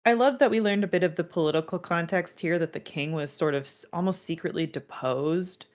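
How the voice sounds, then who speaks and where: A young woman with a low voice chats eagerly about a TV show. She reaches for her words with ums and likes as she goes. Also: fairly quick. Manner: enthusiastic, searching for words with fillers. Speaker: podcast co-host. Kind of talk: casual chat recapping a TV episode.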